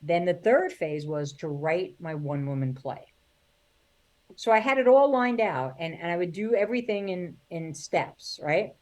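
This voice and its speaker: Middle-aged woman, comic storyteller, lowish voice, plays her relatives' voices and laughs a lot. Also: lively intonation, normal speed, a little mellow. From New York. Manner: acts out family voices, laughs often. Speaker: guest, singer and comedian. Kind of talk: animated storytelling interview.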